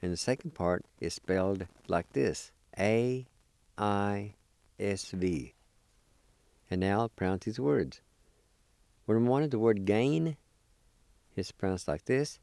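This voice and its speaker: A man from Oklahoma, United States, teaches a language on the radio in a slow lesson, patiently spelling words letter by letter and repeating each syllable. His fairly low voice is creaky and mellow, slow with frequent pauses, on a dry recording.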